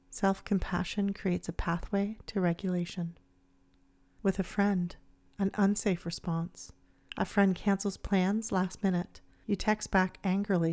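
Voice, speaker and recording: Calm scripted narration comes from a podcast host, a woman speaking on her own show in a slightly low voice. She is soft, soothing and measured, with a gentle manner throughout.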